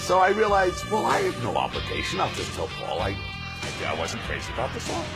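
A man telling a story in an interview clip, excitable, acting out the other people's voices and shouting the quotes. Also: medium pitch, brisk, music in the background. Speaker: film director telling an anecdote.

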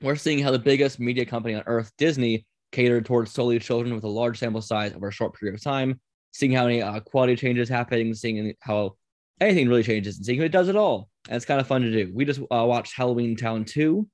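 A man's voice: medium pitch, fast talker, darkish tone, no echo, studio quality. A man hosting a casual podcast, chatty and rambling, often laughing. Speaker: podcast host.

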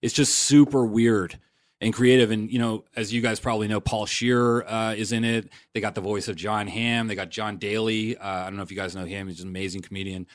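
A low-pitched man from Canada tells a story in a relaxed interview. He is lively and full of fillers. The recording is close and dry. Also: a little fast, no echo. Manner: animated anecdote-telling with many fillers. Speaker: actor guest.

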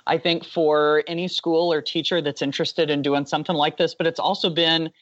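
A man's voice: fairly high pitch, little pitch movement, a little fast, fairly bright tone, no echo. Man co-host on a dull lo-fi line. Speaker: podcast co-host. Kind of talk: interview wrap-up chat.

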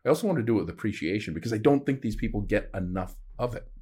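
A man in his forties, hosting a podcast and telling a story in a casual chat. He is animated and uses self-deprecating humor. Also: fairly low pitch, rapid-fire, husky. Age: 40s. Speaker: podcast host.

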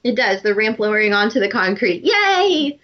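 A woman hosting a casual book club chat, animated and laughing often. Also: mid-range voice, normal speed, lo-fi sound. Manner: animated, laughs often, acts out characters' lines. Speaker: podcast host.

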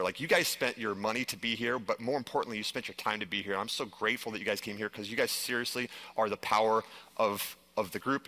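A man speaks to a live audience in a bright, forward voice. He tells his story with animation and fills his talk with "like". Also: fairly low pitch. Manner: animated storytelling, heavy use of "like". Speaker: conference speaker. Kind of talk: live stage presentation.

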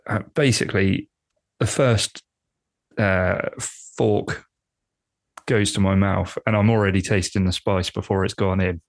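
A man's voice: low voice, steady tone, a little slow, no room sound. An English man co-hosting a podcast, telling stories in a casual, laughing way and often repeating words as he builds up. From England. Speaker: podcast co-host. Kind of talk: casual chat.

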